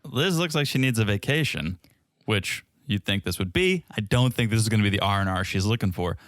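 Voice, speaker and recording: A man's voice: fairly low pitch, expressive, a little fast, a bit bright, no room sound. A man co-hosting a podcast in casual chat, wry and teasing with dry jokes. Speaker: podcast co-host. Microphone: podcast microphone.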